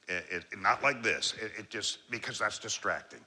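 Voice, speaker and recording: A man delivers a keynote on leadership to a live audience, his pitch leaping and dropping with lively range. His voice is very bright and sharp, and he moves between forceful emphasis and a low, slow, calm register. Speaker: leadership speaker. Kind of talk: motivational keynote talk.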